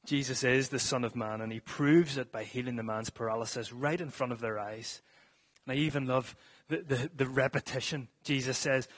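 A man's voice: mid-range voice, fairly even intonation, normal speed, a bit bright. A man delivers a sermon in a church, speaking to the congregation in an earnest way. His voice sits in the middle range for a man. He sometimes restarts a phrase before pressing on. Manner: earnest, with some stumbles and restarts. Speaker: preacher.

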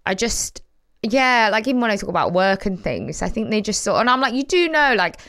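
A woman's voice: medium pitch, big pitch swings, a little fast, fairly bright tone. A woman in her twenties co-hosting a podcast, chatting in a candid, rambling way and swearing freely. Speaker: podcast co-host. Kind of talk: casual podcast chat.

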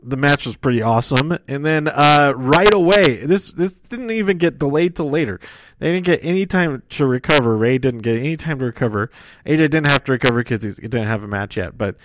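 A man's voice: mid-range voice, expressive, fairly quick, slight background noise. Rambling man recapping wrestling. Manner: rambling, self-correcting, chuckles at own slips. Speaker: wrestling show recap host. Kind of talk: casual spoken recap.

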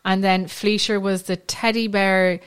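A woman podcast host tells a true crime story in a chatty, casual way, often saying um and restarting her sentences. Her voice is smooth and medium-pitched, with a level tone and measured pace.

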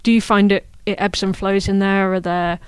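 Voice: medium pitch, level tone, normal speed, clean tone, dry recording. An interviewer asking curious, engaged follow-up questions and thinking aloud in conversation.

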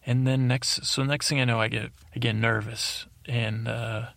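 A man telling a rambling comedic story as host, deadpan and halting, full of fillers and restarts, into a studio microphone. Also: medium pitch, gravelly, no room sound. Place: isolated recording space.

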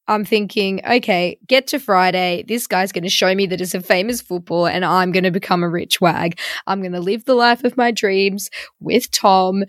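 A woman's voice: medium pitch, no echo. Woman, podcast co-host, dry self-mocking storyteller, close dead-sounding mic. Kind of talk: casual storytelling chat.

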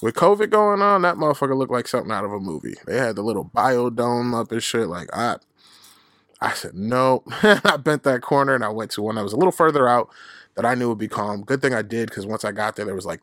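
This podcast host speaks quickly in a lowish, slightly bright voice while telling a casual, foul-mouthed story from his own life. He chuckles at himself and impersonates the people he mentions, in a dry studio-quality recording.

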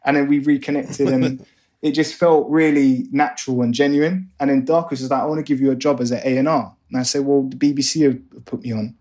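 Speaking a little fast with a mid-range voice, this young podcast guest, a music A&R manager, recounts his story in an easygoing, animated way and performs the voices of the people in it.

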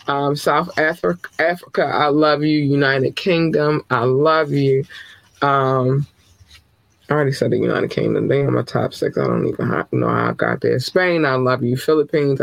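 A male podcast host with a slightly high, gravelly voice, chatting in a loose, affectionate, rambling way. The sound is dry and close, with no room around it. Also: no echo. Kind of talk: casual podcast shout-outs.

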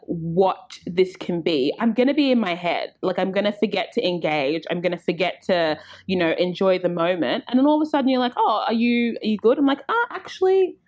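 Candid, animated woman chatting. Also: medium pitch, muffled recording. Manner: candid and animated, acts out quoted voices. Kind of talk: casual chat.

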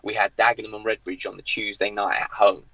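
A man, a former footballer, telling an anecdote on a podcast, animated and acting out the dialogue, with frequent "like" fillers. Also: lowish voice, brisk, creaky, no echo, muffled recording. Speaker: former professional footballer, guest. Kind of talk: podcast storytelling.

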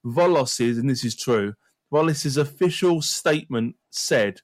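A man's voice: mid-range voice, animated, unhurried. A man co-hosting a football podcast, reading out listener messages in a laid-back, amused way. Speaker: podcast co-host. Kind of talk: casual football chat.

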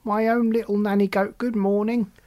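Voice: mid-range voice, normal speed, darkish tone, close to an everyday voice. A fierce little robber girl who gives orders bluntly, as a storyteller reads her part. The voice stays close to the reader's own, and the speech is commanding and plain. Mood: bossy. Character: young robber girl, wild and bossy.

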